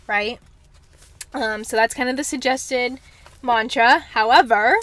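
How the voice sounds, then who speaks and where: A woman's voice: a little high, a bit bright, no room sound. A young woman hosting a casual solo podcast, reflecting candidly and chattily, her voice slightly worn as if she is losing it. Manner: chatty, candid, frequent ums and kinda. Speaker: podcast host.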